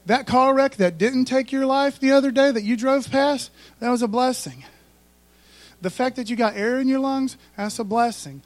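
A man's voice: very high voice, normal speed, no echo. A man preaching a sermon in a folksy, conversational way, full of asides to the congregation. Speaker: pastor.

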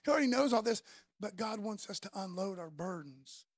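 A woman preaching a casual sermon, slangy and conversational, telling the story in an animated way. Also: medium pitch, fairly quick, dry recording, studio quality.

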